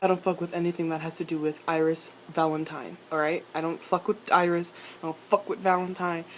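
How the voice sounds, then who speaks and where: A young woman recapping a TV episode in a casual, animated and sweary way, acting out characters in mock voices. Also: fairly low pitch, brisk, a little hiss or hum. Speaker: TV recap vlogger.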